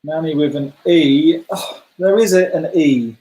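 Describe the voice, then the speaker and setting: A fairly high-pitched man with a dark tone takes his time as he hosts a letter-guessing game for a children's club over video. He keeps up friendly chatter and encourages players, praising them by name. The sound echoes around a roomy space.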